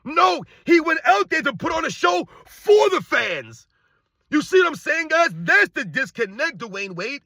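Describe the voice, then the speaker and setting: A man's voice: extremely high pitch, very animated, unhurried, sharp tone, no room sound. A middle-aged man delivering a heated, repetitive sports rant, talking straight to his viewers. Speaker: sports commentator. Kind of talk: ranting commentary.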